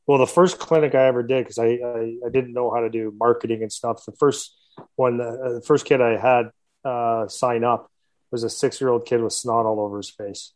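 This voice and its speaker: A man's voice: mid-range voice, a little mellow, poor audio. A man who coaches hockey skills tells long stories in a casual, rambling way, breaking off mid-sentence and adding laughing asides. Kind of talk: casual storytelling.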